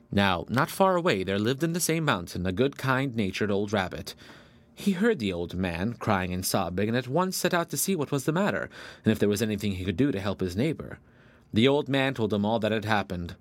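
A man narrating a storybook folktale in a steady, measured way. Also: lowish voice, dry recording.

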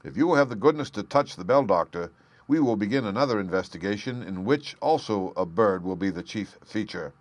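A man reading aloud plays a calm, aloof detective who speaks in measured, quietly authoritative tones. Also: fairly low pitch. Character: calm, aloof male detective, middle-aged.

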